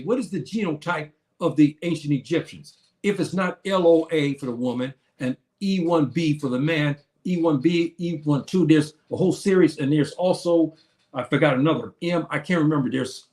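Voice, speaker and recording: On a live stream, a man lectures and reads out viewers' comments, answering them with frequent restarts and hesitations. His voice sits on the high side, with lively intonation and a darkish tone.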